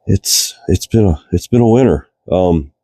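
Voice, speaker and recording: A man's voice: on the low side, no room sound. A man with a Virginian accent and a stuffed-up voice from a cold, chatting casually while repairing a fishing reel in a cold garage. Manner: relaxed, chatty, thinking aloud with fillers. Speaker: reel repair channel host. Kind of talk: casual workshop narration.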